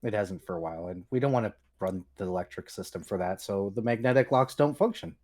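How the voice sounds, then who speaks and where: A man running a tabletop role-playing game on a stream, describing scenes in a relaxed way with some fillers. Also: fairly low pitch, quick pace. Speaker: game master.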